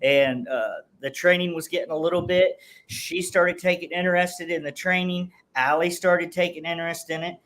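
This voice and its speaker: A man's voice: on the high side, steady tone, normal speed, hardly any pauses, a bit bright, poor audio. Man rambling through a story. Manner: rambling, with frequent restarts. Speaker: guest dog trainer and breeder. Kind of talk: casual storytelling.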